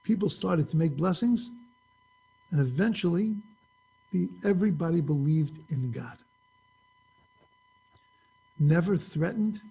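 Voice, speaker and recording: Husky, gravelly man teaching a class. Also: high voice, warm tone. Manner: storytelling with acted-out dialogue, conversational. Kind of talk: informal Torah class over video call. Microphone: video call.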